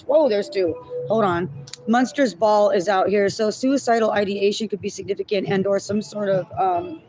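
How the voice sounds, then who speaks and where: Chatting with her viewers during a casual reading, a tarot reader thinks aloud, laughs at herself, and addresses them as "y'all" and "my loves." Her medium-pitched voice is a little mellow, though the audio is poor.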